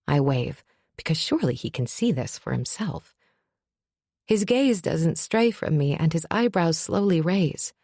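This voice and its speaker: A woman's voice: deep voice, animated, a little slow, warm tone, no room sound, clean studio sound. A woman narrating a fantasy audiobook in first person, with a wry, sardonic edge.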